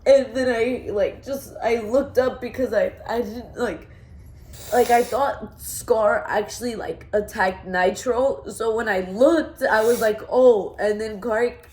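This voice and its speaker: A woman's voice: a little high, slow, darkish tone, slight background noise. A young woman in her twenties telling a vlog story, rambling and shaken, with lots of fillers and restarts. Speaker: vlogger. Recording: echoey room.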